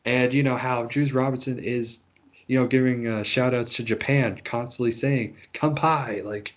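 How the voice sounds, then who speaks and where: A man co-hosting a casual wrestling chat, animated and acting out quotes. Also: mid-range voice, normal speed. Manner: animated, acts out quotes in raised voices. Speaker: podcast co-host.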